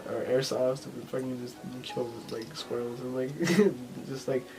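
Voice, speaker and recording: A man chatting on a podcast, mid-pitched and loose, rambling from one story to the next with constant fillers and casual swearing. Faint music plays underneath. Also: measured pace, low-quality recording. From family ties to Texas. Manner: rambling, profane, many fillers. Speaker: podcast host. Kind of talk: casual chat.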